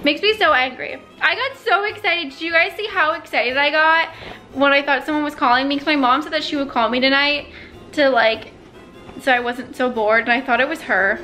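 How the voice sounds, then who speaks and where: A young woman vlogs from her bedroom with a high, bright voice. She talks casually and dramatically, tossing in quick exclamations. Soft music plays faintly behind her. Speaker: vlogger. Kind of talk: casual chat to camera. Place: home bedroom.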